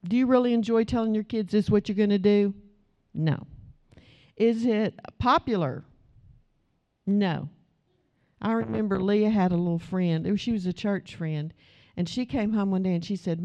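A woman's voice: medium pitch, moderate pace, pauses often, warm tone, lo-fi sound. A middle-aged woman preaching a sermon in a conversational way, asking the audience questions.

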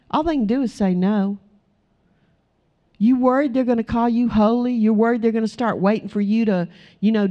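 A woman preaches to her congregation, earnest and pleading. Her voice is mellow and warm, and she now and then acts out a quoted prayer. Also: fairly high pitch. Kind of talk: sermon.

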